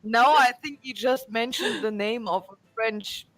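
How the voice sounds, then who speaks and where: A woman co-streamer chatting casually and explaining things with quick, giggly remarks. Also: fairly high pitch, fairly bright tone. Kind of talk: casual chat.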